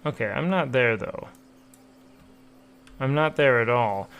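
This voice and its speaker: A man's voice: medium pitch, takes it slowly, creaky, a bit bright, smooth. A young man streaming a game, chatting to viewers casually with profane, playful trash talk. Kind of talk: casual gameplay commentary.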